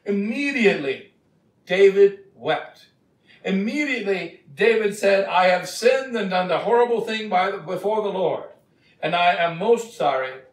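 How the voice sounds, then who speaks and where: High-voiced man preaching in an echoey church. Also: lively intonation. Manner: slow, emphatic storytelling preaching. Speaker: bishop preaching. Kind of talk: sermon. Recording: echoey church from a distant mic.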